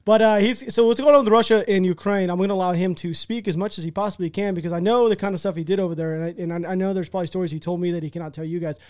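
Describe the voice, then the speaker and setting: High-voiced guy, talks fast, swears, self-mocking podcast host. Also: fairly even intonation, a little mellow. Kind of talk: casual conversation. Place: small room in a house.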